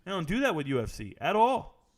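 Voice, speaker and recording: A man's voice: high-pitched, big pitch swings, brisk. A man reacting live to fight night in casual stream chat, joking, rambling and reading viewer comments aloud.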